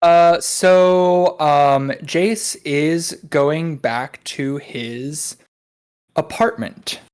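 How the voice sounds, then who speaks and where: A man player describing his character, hesitant and pausing often with many ums. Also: a little high, darkish tone, clear, resonant tone.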